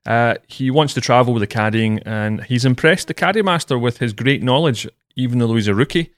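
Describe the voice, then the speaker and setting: A man's voice: mid-range voice, fairly quick, no room sound, clean studio sound. Male podcast host, chatty and rambling, mid-range voice. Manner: chatty storyteller with fillers. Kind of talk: casual podcast chat.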